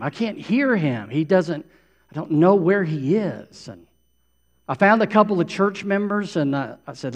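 A middle-aged male pastor delivers a sermon, his slightly higher voice ringing through a church sanctuary with a long reverb. He presses his points by repeating phrases and swings between soft storytelling and raised emphasis. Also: animated, unhurried.

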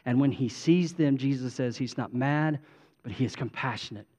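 A man preaching a sermon as a pastor, moving from emphatic declarations to a quiet, intimate prayer voice. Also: medium pitch, moderate pace, husky.

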